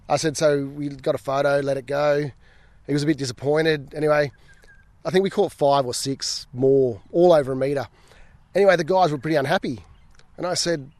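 A man's voice: mid-range voice, steady tone, fast talker, darkish tone, dry recording. Laid-back Australian man spinning a yarn. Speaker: fishing guide. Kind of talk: casual anecdote.

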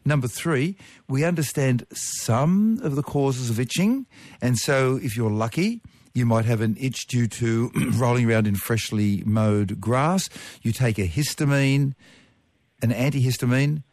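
Guy explaining itch stuff point by point, measured, dead dry room. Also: mid-range voice, a little mellow, no echo. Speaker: expert guest explaining science. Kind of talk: explanatory conversation.

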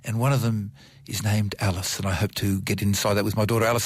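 A middle-aged man talking science on radio, animated and piling up vivid examples. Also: on the low side, fast, husky, no echo. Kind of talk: enthusiastic radio science chat. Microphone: studio microphone.

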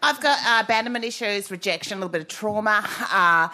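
A woman's voice: mid-range voice, lively intonation, fast talker, sharp tone. A woman on a radio chat making wry jokes about her family, giggling as she goes. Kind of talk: casual chat.

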